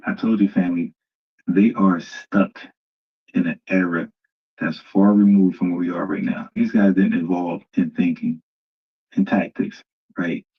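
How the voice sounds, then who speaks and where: Livestream host: a man with a deep, husky voice who gives mocking, casual commentary to his viewers, on slightly muffled audio. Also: fairly even intonation, measured pace. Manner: mocking, talks straight to viewers as "family". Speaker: livestream host reacting to a debate clip.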